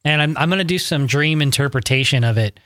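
A man hosts a relaxed podcast in a studio, chatting loosely and circling back on his thoughts. His voice is smooth and resonant and sits a little high for a man. The sound is close and dry, with no room echo. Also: quick pace. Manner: easygoing, rambling with restarts. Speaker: podcast host. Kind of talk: casual chat.

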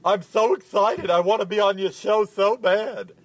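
A man putting on a gushing, high-voiced superfan. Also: fairly even intonation, moderate pace, dry recording. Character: gushing overeager male fan begging for a spot. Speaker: caller. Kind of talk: comedy bit.

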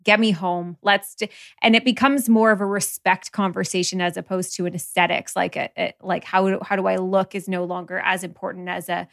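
A woman's voice: fairly low pitch, level tone, brisk, vocal fry, hardly any pauses, fairly bright tone, dry recording, studio quality. A woman podcast host reflecting thoughtfully on her guest's story. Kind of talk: reflective interview talk.

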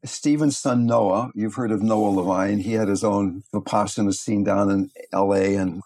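Older guy teaching meditation, lowish voice with lots of gravel, calm storytelling. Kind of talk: reflective talk with storytelling.

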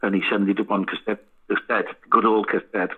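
Male rock musician guest, husky low voice, swears freely, phone-line sound. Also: little pitch movement, a little fast. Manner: swearing, laughing anecdotes. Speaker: band frontman guest. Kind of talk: casual storytelling interview.

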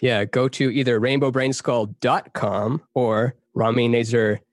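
A male podcast guest with a mid-range voice who speaks in a reflective, meandering way, full of small pauses and dry jokes. He sounds close and dry, with no room around him. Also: mid-range voice, steady tone, no echo. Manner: rambling, reflective, hesitant, joking. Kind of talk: casual interview chat.

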